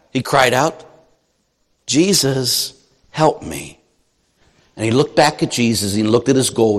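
Priest guy giving a sermon, super expressive, voice jumps all over, echoey hall. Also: medium pitch. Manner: animated storytelling preacher, acting out quoted voices. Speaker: Catholic priest.

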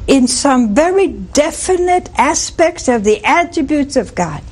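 A woman's voice: high-pitched, sing-song, measured pace, darkish tone. A woman preacher giving a folksy sermon, telling stories with frequent chuckles and asides like "see?". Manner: folksy storytelling, chuckles often, asks "see?".

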